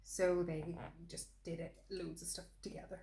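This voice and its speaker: A woman's voice: fairly low pitch, flat delivery, moderate pace, creaky, warm tone. A woman co-hosting a podcast, telling stories in a chatty, giggly way. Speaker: podcast co-host. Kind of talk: casual chat. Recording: roomy echo.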